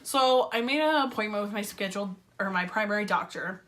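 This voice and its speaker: A woman's voice: medium pitch, fairly quick, fairly bright tone. A woman telling a casual story-time vlog in a chatty, filler-heavy way, with wry sarcasm. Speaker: vlogger.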